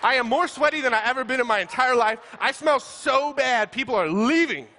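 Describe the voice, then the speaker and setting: A man preaching a humorous sermon, telling self-deprecating stories in an animated way and laughing as he talks. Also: extremely high pitch, fairly quick, a little hiss or hum. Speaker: pastor.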